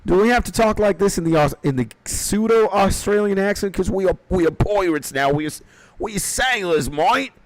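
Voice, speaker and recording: A young man doing a high, loud put-on pirate voice in a mock Australian twang to greet his viewers. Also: lively intonation, a little slow, dry recording, poor audio. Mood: rowdy. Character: rowdy young male pirate sailor, pseudo-Australian.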